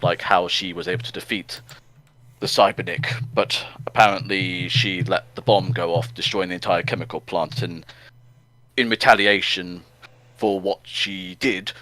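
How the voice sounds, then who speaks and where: A man giving a casual, animated recap of a comic on a podcast. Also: sits low, dry recording, rough recording. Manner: animated, acts out characters in silly voices. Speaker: podcast co-host.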